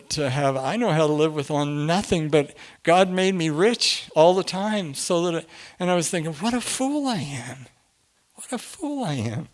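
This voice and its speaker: A middle-aged man with a voice on the high side tells a group a personal story. He's animated, laughs often, and swings from hushed to loud.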